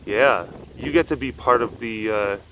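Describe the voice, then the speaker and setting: A man's voice: medium pitch, normal speed, sharp tone, a little hiss or hum, rough recording. Rambling self-mocking man vlogging. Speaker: host. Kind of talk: casual rambling monologue.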